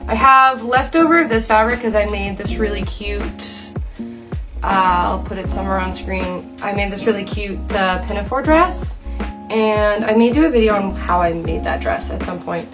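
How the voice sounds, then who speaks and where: A woman's voice: medium pitch, normal speed. A young Canadian woman chatting casually to camera as she tidies her home craft room, rambling and self-deprecating. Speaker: vlogger. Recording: clear music bed under voice.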